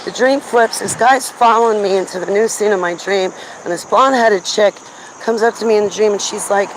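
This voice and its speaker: A woman's voice: medium pitch, normal speed, slight background noise. A woman vlogging outdoors while walking her dog, rambling through a story in a blunt, chatty way on a handheld phone. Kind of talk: casual rambling chat.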